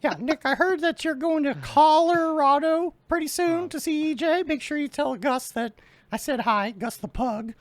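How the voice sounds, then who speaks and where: A high, bright voice of a punning, giggling woman named Dorothy, as a woman puts her on. She fires off jokes in quick bursts, close and dry to the mic with no room sound. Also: no room sound, natural voice. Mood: jokey. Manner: rapid pun-heavy jokes, giggly.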